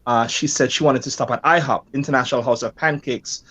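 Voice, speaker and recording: A man with a middle-pitched voice tells a story from his own life. He is an animated, self-deprecating storyteller and speaks as a pastor who is a guest in a conversation. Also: brisk, slightly rough.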